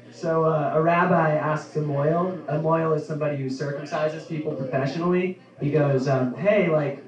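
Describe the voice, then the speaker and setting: A man's voice: a little high, steady tone, far from the mic, muffled recording. Young man doing stand-up in an echoey club. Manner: offhand, halting delivery with many ums. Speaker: stand-up comedian. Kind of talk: stand-up comedy set. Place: comedy club.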